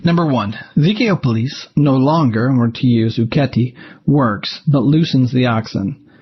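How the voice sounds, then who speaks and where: A man's voice: mid-range voice, normal speed, husky, muffled recording. A man teaching a recorded language lesson, walking methodically through exercises step by step. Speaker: Greek teacher.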